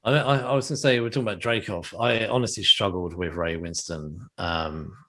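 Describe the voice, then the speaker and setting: A man's voice: low voice, fairly even intonation, brisk, pushed and bright. A male podcast host in casual chat, rambling with frequent stammers, restarts and laughs.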